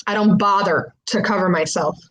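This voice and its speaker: A woman's voice: mid-range voice, normal speed, a bit bright, slight background noise, rough recording. Frank, profane woman telling a story. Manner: switches between English and Spanish. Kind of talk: live personal storytelling.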